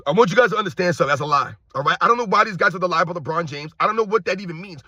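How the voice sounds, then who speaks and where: A middle-aged man ranting loudly and combatively as a sports commentary YouTuber, projecting his voice. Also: high-pitched, very fast, hardly any pauses, dry recording, clean studio sound. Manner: loud, projecting, animated, combative. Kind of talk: loud opinionated rant.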